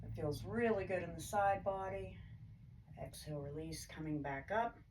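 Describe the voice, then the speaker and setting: A woman yoga instructor calmly cueing poses and breaths in a guided class, her throat a little choked up. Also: fairly low pitch, moderate pace. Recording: distant mic with faint background hiss.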